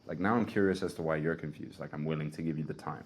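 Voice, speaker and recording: A man's voice: a bass voice, fast talker. A man voicing a curious, slightly wary man who has just picked up an unexpected phone call. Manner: questioning, half-suspicious. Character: curious, wary adult male call recipient.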